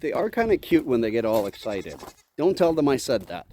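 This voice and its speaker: Standing by a goat pen outdoors, a farm vlogger talks briskly in a medium-pitched, slightly mellow voice with big pitch swings. He speaks casually to the camera and his animals, teasing and scolding the goats in a playful sing-song, while faint wind and bleating fill the background.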